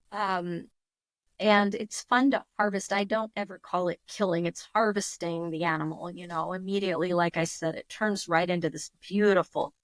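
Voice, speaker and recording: A woman in her fifties, a podcast guest telling a story in a lively, emotional way, with frequent restarts. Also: mid-range voice, dry recording. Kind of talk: casual storytelling.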